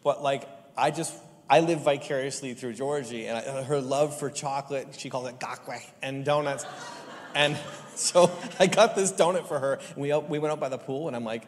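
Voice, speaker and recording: Animated male preacher in a big hall. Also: medium pitch, a little fast, a little hiss or hum. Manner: lively, joking, rising to animated emphasis. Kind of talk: sermon with personal stories. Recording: long hall reverb.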